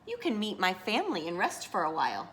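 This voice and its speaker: A woman voicing a sly, smooth-talking male fox in a storybook read-aloud, overly polite and coaxing. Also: on the low side, huge pitch swings, fast talker, fairly bright tone, slight background noise.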